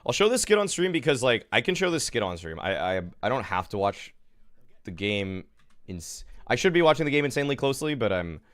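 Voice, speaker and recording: A man streaming, talking casually and haltingly, often restarting his sentences. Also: mid-range voice, sing-song, fairly bright tone, no room sound.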